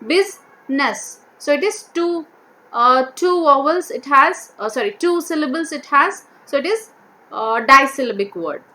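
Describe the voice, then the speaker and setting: A woman teacher going through a vocabulary worksheet, repeating each word and slowly sounding out its syllables. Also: sits high, animated, pushed and bright. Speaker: English teacher.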